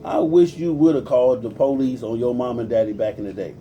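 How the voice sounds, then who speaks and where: A man's voice: mid-range voice, brisk, dark tone, distant mic, slight background noise. Profane man in his forties ranting. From Compton, California. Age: 40s. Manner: profane, preachy, greets viewers by name. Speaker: livestream host. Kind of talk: casual livestream rant.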